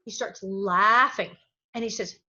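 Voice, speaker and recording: Animated middle-aged woman storyteller, bright voice. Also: mid-range voice, a little slow. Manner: animated storyteller, acts out quotes with big laughs. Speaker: interview guest, former child actress. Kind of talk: casual storytelling interview. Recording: dull lo-fi audio.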